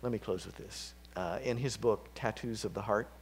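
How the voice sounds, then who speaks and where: A man preaching a sermon, casual and chatty, dropping to whispers and climbing to loud, fervent peaks. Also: on the low side, normal speed, a little hiss or hum. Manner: conversational, with fillers and slips.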